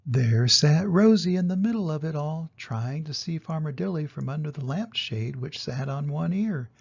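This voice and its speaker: An older man reading a children's story aloud, gentle and expressive. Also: on the high side, moderate pace, gravelly. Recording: dull lo-fi recording.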